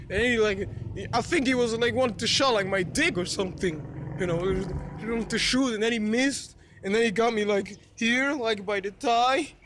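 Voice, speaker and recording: Young man, high voice, rambling vlog talk, lots of fillers, laughs a lot, faint noise behind. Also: fairly bright tone. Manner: laughs often, many fillers and restarts. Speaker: vlogger. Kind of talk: rambling casual storytelling to camera.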